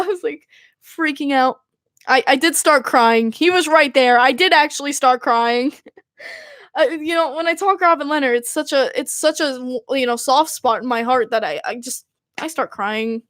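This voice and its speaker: A young woman hosting a podcast, talking in an excitable, gushing, filler-heavy way. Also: sits high, normal speed, dry recording, studio quality. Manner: gushing, excitable fan talk with many fillers. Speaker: podcast host. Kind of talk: casual chat.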